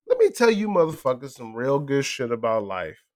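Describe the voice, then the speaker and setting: A man hosting a casual chat with a friend, talking loud, profane and animated, often laughing. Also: medium pitch, moderate pace. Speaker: podcast host.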